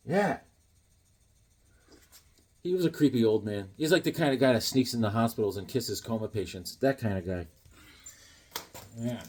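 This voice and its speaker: A middle-aged man chatting casually as he shows off his comic books, telling stories in a lively way and laughing often. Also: medium pitch. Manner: animated storyteller, laughs often, acts out voices. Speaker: comic book collector vlogger. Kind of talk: casual chat showing comics.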